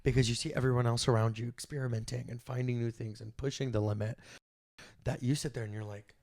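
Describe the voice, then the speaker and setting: A young woman from Texas co-hosting a podcast, talking in an animated, playful way, laughing often and sometimes loud. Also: very deep voice, fast talker, no room sound, clean studio sound. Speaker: podcast co-host. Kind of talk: casual chat.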